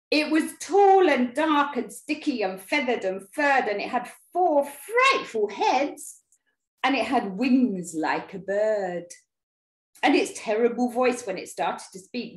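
A woman storyteller reading a picture book aloud to young children, expressive and engaging. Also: medium pitch, roomy sound. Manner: expressive, talks to young listeners. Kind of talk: animated read-aloud for children.

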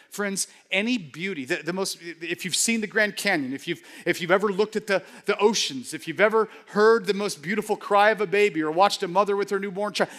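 A man pastor preaching a sermon with fervor, repeating words and swinging between loud declarations and hushed murmurs. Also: high voice, big-room sound. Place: large church hall.

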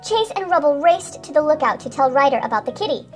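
A woman hosting a toy channel, reading a children's storybook aloud in a bright, sing-song manner. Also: sits high, expressive, fast talker, soft background music.

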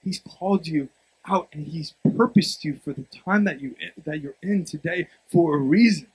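Husky-voiced man preaching with emphatic swings. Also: fairly high pitch, low-quality recording. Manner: emphatic, swings from quiet storytelling to loud exhortation. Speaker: pastor. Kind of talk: sermon.

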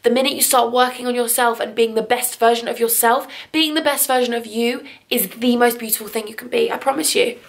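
Young woman, higher voice, gushing vlog chatter, a little teary, handheld camera at home. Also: steady tone, fairly quick, gravelly, few pauses. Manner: gushing, emotional, upbeat. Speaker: vlogger. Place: home living room.

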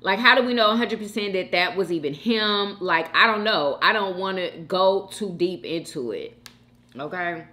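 A woman chatting to her viewers as a mukbang host, talking casually and animatedly. Her voice is bright and forceful, with mid-range pitch. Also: normal speed. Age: adult mother. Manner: chatty, animated, often calls listeners "girl" and "y'all".

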